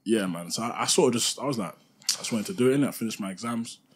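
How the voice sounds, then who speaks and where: A young man chats on a podcast in a husky, slightly breathy voice. He is relaxed and full of slang, and he laughs often while telling a story. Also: lowish voice, fast. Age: young adult. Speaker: podcast co-host. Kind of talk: casual chat, storytelling.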